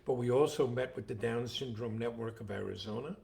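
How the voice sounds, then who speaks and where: An older man co-hosting a casual chat, telling jokes and stories with animated voices for the characters. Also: medium pitch, fairly quick, gravelly. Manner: animated storyteller acting out voices. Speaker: co-host, father.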